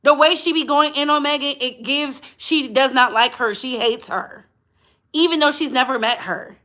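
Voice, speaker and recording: Woman, gossip livestream host, bright, somewhat high, blunt, chatty, casual commentary. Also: normal speed. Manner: chatty and blunt, talks to chat directly.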